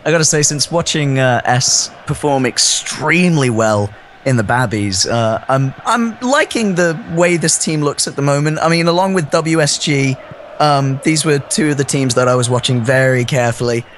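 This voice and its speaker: A man doing playful amateur football commentary in a smooth, mock-suave radio-announcer manner. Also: mid-range voice, moderate pace, fairly bright tone, a little hiss or hum.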